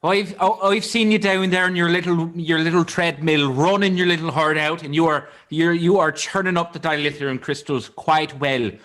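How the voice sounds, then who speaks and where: A starship captain rattles off threats and orders in a clipped, officious way, played by a man in an improv scene. His voice sits high, and he comes across as more awkward than fearsome. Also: fairly even intonation, moderate pace, hardly any pauses, fairly bright tone, natural voice. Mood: commanding. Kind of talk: improvised sci-fi comedy scene.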